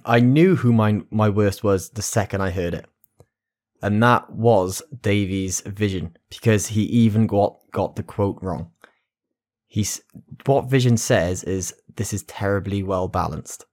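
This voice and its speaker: A man's voice: fairly low pitch, a little slow, a little mellow. A man on a casual podcast, ribbing his friends in a mock-serious way and laughing as he goes. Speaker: podcast co-host. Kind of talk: casual banter among friends.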